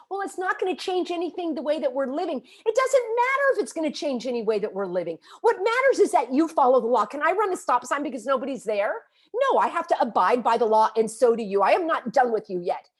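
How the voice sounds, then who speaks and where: An upset, agitated woman delivers a vlog rant straight to her viewers. Her voice sits high and swings widely as she scolds and calls people out, every point pressed with emphatic indignation. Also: very animated, a little fast. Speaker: vlogger and activist. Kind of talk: impassioned direct-to-camera rant.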